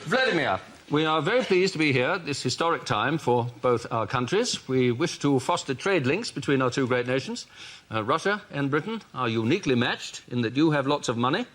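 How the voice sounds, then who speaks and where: A man's voice: medium pitch, animated, brisk, close to an everyday voice. A man playing a bumbling posh British prime minister who stammers and sounds pompous and flustered. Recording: loud background noise.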